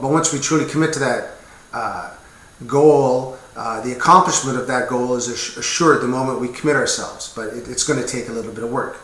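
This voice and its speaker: A man in his fifties talks casually and earnestly to camera, rambling a little and dropping wry asides. His voice has a bright, forceful edge. The sound bounces around a roomy, echoey space. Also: medium pitch, moderate pace. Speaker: military veteran sharing his experience. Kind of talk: casual explanatory talk to camera. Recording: echoey room.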